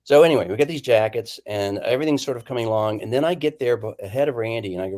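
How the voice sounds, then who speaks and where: A man's voice: mid-range voice, racing, few pauses. A man, a painter and guest, casually telling an anecdote and acting out what people said. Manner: animated storyteller who acts out quoted lines. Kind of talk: casual storytelling chat.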